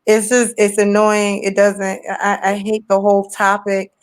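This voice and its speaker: A chatty woman in a relaxed online group call, speaking at an ordinary mid pitch. She laughs easily and keeps agreeing with the others, venting her annoyances in a loose, conversational way. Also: measured pace, smooth, low-quality recording. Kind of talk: casual group chat.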